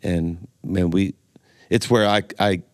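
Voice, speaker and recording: A man's voice: low voice, fairly even intonation, takes it slowly, dry recording, clean studio sound. A middle-aged man from Louisiana, a pastor and guest telling folksy stories in a casual interview. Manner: folksy storyteller, laughs easily.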